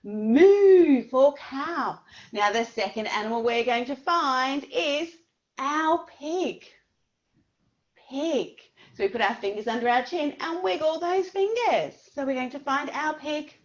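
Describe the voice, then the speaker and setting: Lively high-voiced woman leading baby signing. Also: a little slow, dull audio. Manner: animated and sing-song, making animal noises. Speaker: baby signing class leader.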